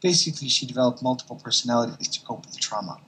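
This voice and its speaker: A stern doctor lectures with force and exasperation, acted by a man recapping a comic. His voice stays at an ordinary male pitch. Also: lively intonation, very fast, sharp tone, a little hiss or hum, low-quality recording.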